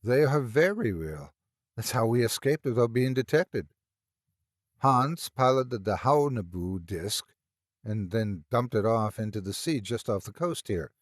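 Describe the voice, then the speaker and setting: A man's voice: mid-range voice, lively intonation, a little slow, no echo, clean studio sound. A man voicing a frightened, insistent young woman with a German accent in an audiobook. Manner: agitated, urgent.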